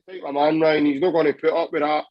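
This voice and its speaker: A man's voice: on the high side, level tone, fast talker, dry recording, lo-fi sound. A Scottish man chatting passionately about football on a podcast, rambling with many restarts. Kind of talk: casual football chat.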